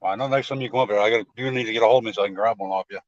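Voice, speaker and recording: A man's voice: fairly low pitch, rapid-fire, no room sound, lo-fi sound. A man in a casual chat who talks bluntly and sarcastically, with emphasis.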